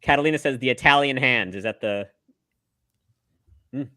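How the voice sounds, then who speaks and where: Bright-voiced joking male host. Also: medium pitch, moderate pace, smooth, no room sound, clean studio sound. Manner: joking, teasing banter. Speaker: show host. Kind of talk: casual comedy chat.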